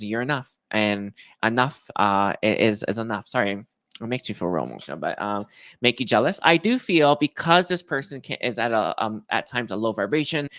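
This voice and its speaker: Emotional, halting man reading tarot. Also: medium pitch, fairly bright tone, dry recording. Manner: emotional, halting, many fillers. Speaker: tarot reader.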